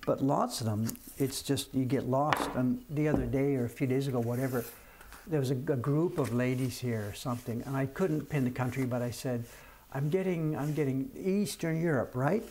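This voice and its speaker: A man's voice: medium pitch, normal speed, a little mellow, slight background noise. An older man from Canada chatting casually on a live stream from his print shop bench, telling rambling stories full of restarts and asides. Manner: chatty storyteller, many restarts and "whatever".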